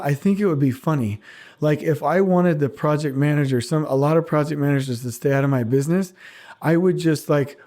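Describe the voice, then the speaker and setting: A middle-aged man hosting a podcast alone, talking casually and teasing his listeners with quick asides. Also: a little high, dark tone. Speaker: podcast host. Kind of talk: casual solo podcast monologue.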